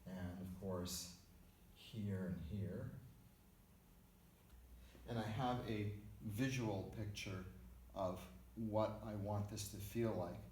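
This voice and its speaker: A man's voice: on the low side, a little mellow, reverberant, slight background noise. A man teaching a music theory lesson, explaining step by step and counting beats aloud. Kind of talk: lecture with sung and spoken examples.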